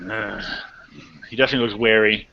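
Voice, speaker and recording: A man's voice: lowish voice, steady tone, brisk. A man narrating as game master in a casual, rambling way, with lots of "like" and "um". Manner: loose and rambling, full of "like" and "um". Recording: lo-fi, dull recording.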